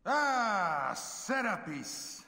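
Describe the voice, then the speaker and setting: A theatrical male scholar-poet from a video game, grand and flowery, his bright, gravelly voice swooping high and low. The line rings with a long reverb. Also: big pitch swings, drawn-out words, full character voice.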